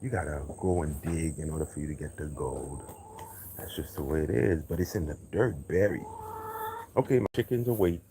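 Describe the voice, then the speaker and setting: A man with a very low, deep voice talks on a casual livestream from an outdoor yard while tending chickens. He riffs in an animated, preachy way and drops street slang. Faint roosters and insects sit behind him. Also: moderate pace, noisy background. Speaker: livestream host on a farm.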